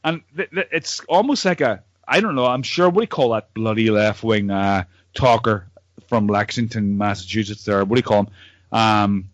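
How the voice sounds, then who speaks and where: A Northern Irish podcast host with a lowish voice chats with old friends over a video call at a moderate pace. The casual conversation rambles, with repeated words and free swearing, and the audio has no echo but cut-off highs.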